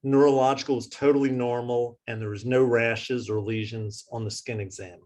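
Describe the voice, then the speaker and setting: A man steadily lists physical exam findings in a brisk, matter-of-fact delivery. His voice sits at an ordinary middle pitch. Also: steady tone, a little mellow. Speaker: case presenter. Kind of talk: reading a clinical case aloud.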